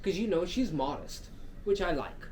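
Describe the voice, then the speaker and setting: A man co-hosting a podcast in crude casual chat, cursing and laughing often, swinging between loud and soft. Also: sits high, expressive, moderate pace, over a noisy crowd. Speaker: podcast co-host.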